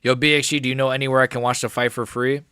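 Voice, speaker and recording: A man's voice: medium pitch, flat delivery, rapid-fire, bright, forceful tone, clean tone, no echo, clean studio sound. A man hosting a live stream, reacting to a fight in a casual, rambling, profane way.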